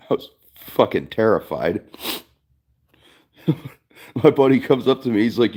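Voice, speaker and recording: A man's voice: medium pitch, animated, a little slow, long pauses, darkish tone. A man hosting a casual livestream from his garage, talking in a rambling, laid-back way and swearing often. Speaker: livestream host.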